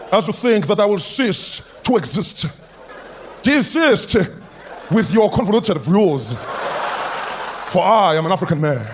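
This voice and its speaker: A man voicing a proud male stage actor, declaiming in a slow, pompous, theatrical way. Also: high-pitched, background noise.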